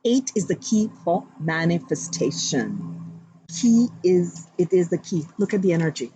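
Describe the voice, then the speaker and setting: A woman's voice: lowish voice, lively intonation, a little slow, mellow, slight background noise, low-quality recording. Gushing woman giving a tarot reading. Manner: gushing, affirming spiritual encouragement; chatty, addresses viewers directly. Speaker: tarot card reader. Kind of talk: live-streamed tarot reading.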